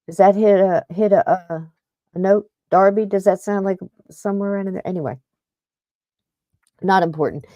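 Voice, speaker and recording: A middle-aged woman hosts a paranormal podcast in casual talk, her mid-range voice dark in tone and echo-free at a normal speed. She rambles in a chatty way, pausing often and frequently breaking off to restart her thoughts.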